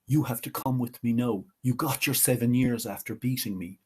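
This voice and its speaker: A man voicing Death, a male spirit who gives stern orders and later begs in a high voice. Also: normal speed, darkish tone, husky, close to an everyday voice. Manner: stern demands that turn to high-pitched begging. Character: Death, a grim male spirit, angry and then pleading.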